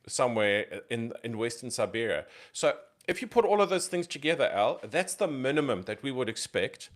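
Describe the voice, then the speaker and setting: A man's voice: mid-range voice, very animated, normal speed. Emphatic man asking rhetorical questions. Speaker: podcast co-host. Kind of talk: conversational tech podcast explanation.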